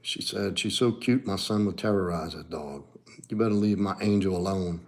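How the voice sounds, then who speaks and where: Reading comments during a casual livestream, a middle-aged martial arts coach with a New Orleans accent talks at normal speed. He's blunt and swears freely, his voice dropping low to mutter before jumping into animated bursts.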